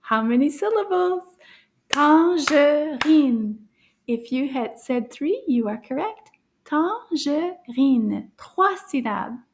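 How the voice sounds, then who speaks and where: High, slow-speaking cheerful woman teacher. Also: very animated. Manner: cheerful and encouraging, repeats words slowly and clearly; drops into hushed whispers for surprises. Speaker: French teacher for children. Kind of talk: children's language lesson.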